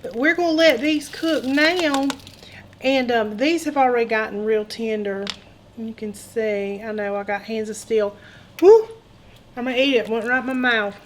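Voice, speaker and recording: Folksy woman cooking, higher voice. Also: moderate pace, slight background noise, rough recording. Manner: folksy and joking, calls viewers honey and y'all. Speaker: cooking show host. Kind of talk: casual cooking demonstration. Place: home kitchen.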